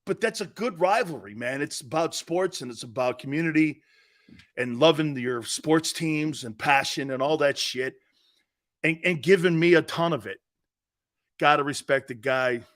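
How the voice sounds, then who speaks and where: A middle-aged man with an East Coast American accent, hosting a sports talk show in brash, loud, joking banter. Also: on the high side, normal speed. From Northeastern United States. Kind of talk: casual live show banter.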